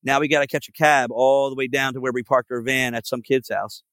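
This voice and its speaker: A band frontman from the Philadelphia area, guesting on a podcast, tells a long, rambling road story full of swearing and filler words. His medium-pitched voice is steady, fairly quick and fairly bright, recorded with no room sound.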